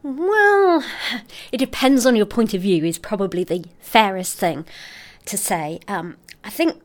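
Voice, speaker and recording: A middle-aged woman, a scientist explaining her research in an interview, articulate and expressive. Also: medium pitch, unhurried. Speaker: scientist guest.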